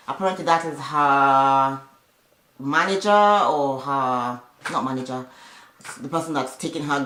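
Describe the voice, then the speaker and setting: A woman's voice: very deep voice, fairly bright tone. A woman giving a casual, chatty recap of a reality show, with opinionated asides along the way. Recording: echoey room.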